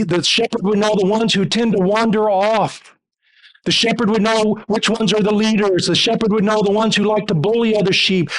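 A man's voice: sits high, a bit bright. A male pastor preaching a sermon to his congregation, speaking emphatically with building repetition.

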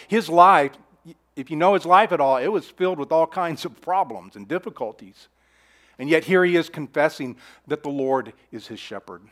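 A man preaching a sermon in an earnest, repetitive style, swinging between emphatic declarations and hushed asides. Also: a little high. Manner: repeats phrases and restarts mid-sentence. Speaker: pastor.

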